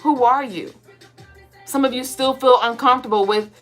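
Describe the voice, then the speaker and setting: A woman co-hosting a podcast of casual spiritual talk. She speaks bluntly, swears freely and fires off rapid rhetorical questions. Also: high-pitched, fairly bright tone, faint music behind. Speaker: podcast co-host.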